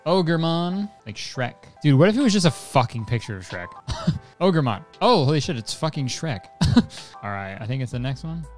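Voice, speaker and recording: Excitable young man streaming, swearing often. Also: on the high side, normal speed, faint music behind. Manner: excitable, swearing a lot, swings between hype and frustration. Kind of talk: live-stream card opening.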